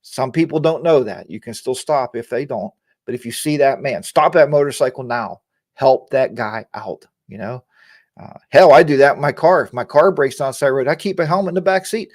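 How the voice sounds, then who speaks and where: A man's voice: medium pitch, expressive, a little fast, a little mellow, no room sound, clean studio sound. A man hosting a casual motorcycle live chat, getting worked up and ranting while answering viewers by name. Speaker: live chat show host.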